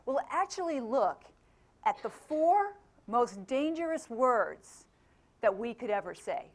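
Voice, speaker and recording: A middle-aged woman gives a motivational talk, with a fairly high voice. She keeps the room involved, throwing questions at the audience and laughing easily. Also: very animated, slow pace. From England. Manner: engaging, asks the audience questions, laughs often. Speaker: motivational speaker.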